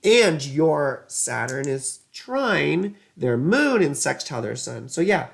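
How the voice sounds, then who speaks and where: A woman's voice: low-pitched, big pitch swings, slow pace, vocal fry. A woman giving a casual astrology reading, chatty and rambling, drifting into side stories. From United States. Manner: rambling, digressive, chatty, self-mocking.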